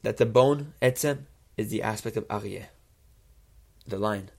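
A man's voice: on the low side, a little slow, vocal fry, darkish tone. A man teaching a religious text lesson who reads Hebrew phrases, translates each, and answers his own rhetorical questions. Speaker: Torah teacher.

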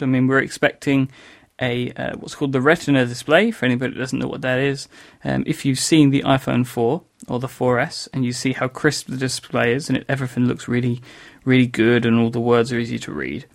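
A man's voice: medium pitch, steady tone, brisk, gravelly, hardly any pauses. A man co-hosting a podcast, chatting casually and explaining technology in a dry, plain way. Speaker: podcast co-host.

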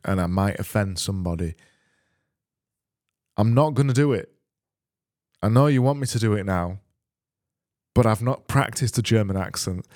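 A man's voice: fairly low pitch, darkish tone, no room sound, studio quality. A man hosting a comedy podcast, ranting sarcastically and swearing freely. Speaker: podcast host. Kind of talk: casual comedic podcast monologue.

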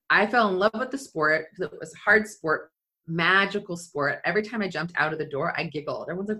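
Middle-aged woman, speaker and athlete, candid storytelling, lowish voice, jumps high when quoting. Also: fairly quick. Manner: animated storyteller acting out quotes in a high voice. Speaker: skydiving athlete and leadership speaker. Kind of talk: storytelling in conversation.

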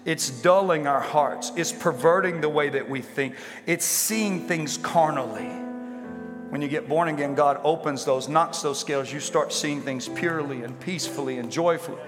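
A male pastor preaching a sermon to a congregation, building to impassioned shouting and repeated rhetorical questions. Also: a little high. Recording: live sermon in a reverberant hall with faint instrument.

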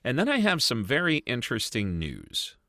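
A middle-aged man co-hosting a casual review podcast, telling stories in an animated, chatty way. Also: medium pitch, normal speed, dry recording, clean studio sound. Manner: animated, tells stories with lively asides. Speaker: podcast co-host. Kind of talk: casual chat.

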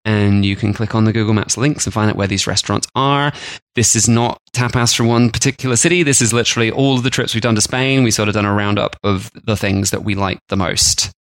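A man co-hosting a casual food podcast. He chats easily and jokes often, now and then mimicking imagined people. His delivery is relaxed and conversational. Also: lowish voice, fairly quick, no echo. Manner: chatty, jokey, puts on silly voices for imagined people. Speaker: podcast co-host.

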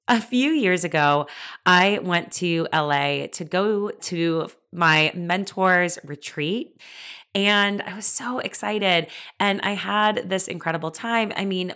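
A woman's voice: on the low side, fairly bright tone. A young adult woman hosting her own podcast, telling a personal story in an earnest, confiding and emphatic way. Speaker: podcast host.

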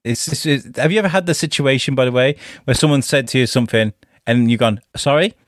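Podcast host, loose storyteller, drops the odd swear, laughs a lot. Dry, close sound. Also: male voice, mid-range voice, quick pace, no echo. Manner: animated, swearing storyteller who laughs often. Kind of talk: casual chat.

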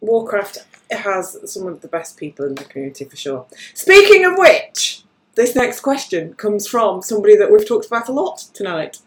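Lively woman hosting a podcast. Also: mid-range voice, moderate pace, poor audio. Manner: animated, laughs easily. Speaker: podcast host. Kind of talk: casual chat.

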